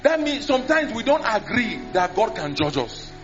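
High-voiced man preaching. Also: moderate pace, over music. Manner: animated, mimics tongues and prayers, repeats words. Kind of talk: sermon. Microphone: handheld mic. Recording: dull lo-fi sermon recording.

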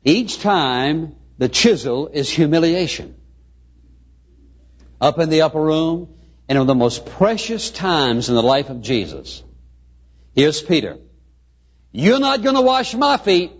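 Husky-voiced male preacher, earnest. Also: a little high, animated, measured pace, long pauses. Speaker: pastor. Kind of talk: sermon. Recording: muffled lo-fi sermon recording.

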